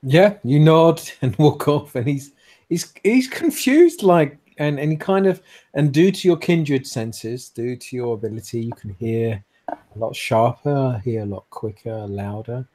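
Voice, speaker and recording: A man's voice: medium pitch, lively intonation, unhurried, warm tone. A man narrating as game master of a tabletop role-playing game, describing the scene in a rambling way with many fillers.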